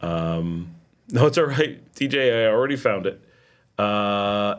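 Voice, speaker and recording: A man's voice: on the low side, a little slow, clean tone. A middle-aged man hosting a casual livestream, chatting and reading viewer comments aloud. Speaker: livestream host. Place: home in Nicaragua.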